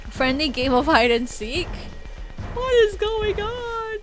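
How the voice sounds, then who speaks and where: High, lively-voiced woman streamer. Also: slow, faint music behind. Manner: reads on-screen dialogue aloud between reactive exclamations; expressive and swears freely. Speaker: VTuber streamer. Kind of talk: horror game let's play commentary.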